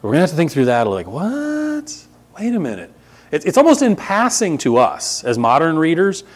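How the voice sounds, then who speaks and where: A man's voice: on the high side, big pitch swings, a little fast. A man, preaching a conversational sermon with emphatic repetition. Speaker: pastor.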